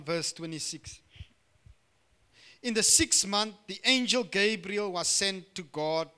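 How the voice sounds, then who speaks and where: A middle-aged male pastor preaching a sermon, swinging from hushed asides to loud emphatic lines and asking the congregation "Amen?". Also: high-pitched.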